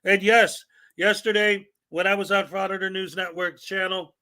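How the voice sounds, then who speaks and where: Chatty bright-voiced Chicago man host. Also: sits high, level tone, normal speed. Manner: chatty, jokey, laughs often. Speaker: show host. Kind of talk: casual live-stream chat.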